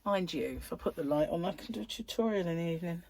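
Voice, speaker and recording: A woman's voice: fairly low pitch, expressive, fast talker, gravelly, dark tone. A woman chatting casually in her vlog and laughing at her own jokes. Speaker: vlogger. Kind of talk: casual chat. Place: in a van.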